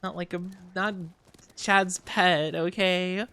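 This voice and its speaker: A man's voice: high-pitched, fairly even intonation, takes it slowly, sharp tone, clean tone. A young man streaming a game, chatting with his viewers and playfully denying their teasing. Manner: playfully defensive, teasing denials to chat.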